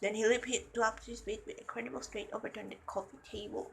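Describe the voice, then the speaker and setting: A woman's voice: a little high, fast talker, hardly any pauses, sharp tone, low-quality recording. A young woman reading a fan fiction story aloud, breaking off for gushing, giggly asides.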